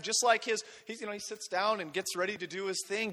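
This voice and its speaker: A man's voice: high voice, fairly even intonation, a little fast, few pauses, bright, forceful tone. A man preaching a sermon as pastor, talking in a conversational, self-deprecating way and acting out quotes. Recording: long hall reverb.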